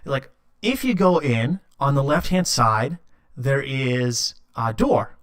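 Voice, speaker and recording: A man playing a calm, courteous elf receptionist. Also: mid-range voice. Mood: polite. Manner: measured and courteous. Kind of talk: tabletop game role-play.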